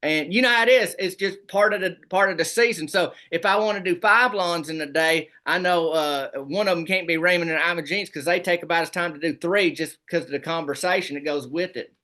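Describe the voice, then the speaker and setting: A man, a comedy guest telling boastful tall tales in a deadpan rural persona. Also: fairly high pitch, a little fast, hardly any pauses. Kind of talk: comic storytelling in a rural persona.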